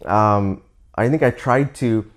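A man's voice: lowish voice, slow pace. A man with a Canadian accent talking candidly in a casual monologue, often restarting and stopping to explain words for learners.

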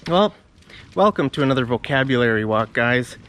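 A man's voice: medium pitch, lively intonation, moderate pace, fairly bright tone, slight background noise. A man giving a rambling, off-the-cuff vocabulary lesson while walking outdoors with a camera. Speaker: English teacher. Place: outdoors on residential streets. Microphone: handheld camera while walking.

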